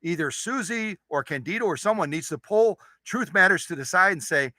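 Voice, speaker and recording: High, bright-voiced playful man. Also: expressive, brisk, no room sound, poor audio. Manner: playful and goofy, jokes and repeats phrases. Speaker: live stream host. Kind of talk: casual live stream chat greeting viewers.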